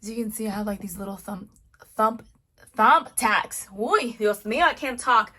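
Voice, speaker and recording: A woman's voice: on the high side, normal speed, bright, forceful tone. A young woman vlogging casually in her walk-in closet at home, chatty and slangy, a little out of breath. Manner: chatty, slangy, drops Spanish phrases. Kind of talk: casual chat.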